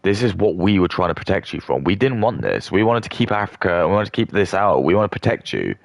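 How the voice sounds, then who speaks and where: A man's voice: low-pitched, big pitch swings, fast, gravelly, no room sound, clean studio sound. A young man rambling through a contemptuous rant as a streamer. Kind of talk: ranting casual monologue.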